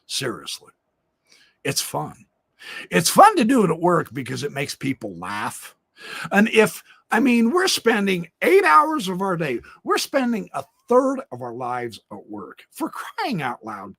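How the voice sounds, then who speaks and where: Animated gravelly man, lively storyteller. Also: dry recording. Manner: animated storytelling, swings between booming and hushed; upbeat, self-described extrovert. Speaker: livestream host. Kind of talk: casual monologue.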